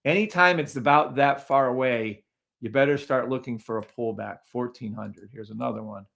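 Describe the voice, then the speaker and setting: A man's voice: medium pitch, moderate pace, gravelly, a bit bright. A man hosting a live trading stream, talking casually over charts and greeting viewers in the chat, often sounding incredulous.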